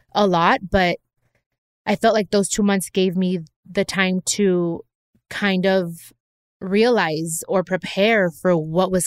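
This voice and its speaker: A podcast host with a lowish voice talks in an earnest, reflective way on her own show, occasionally slipping in Spanish phrases. It's heartfelt personal talk, recorded with clean studio sound and no room noise.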